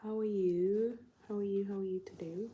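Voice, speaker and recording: A woman's voice: medium pitch, fairly even intonation, normal speed, mellow, muffled recording, a little hiss or hum. A young woman from Uganda chatting casually on a livestream, laughing often and answering viewer comments. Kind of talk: casual live-stream chat.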